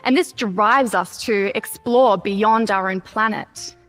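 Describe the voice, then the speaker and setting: A woman giving a scripted public talk in a measured, earnest delivery. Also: medium pitch, a bit bright, soft background music. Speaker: speaker at a conference talk.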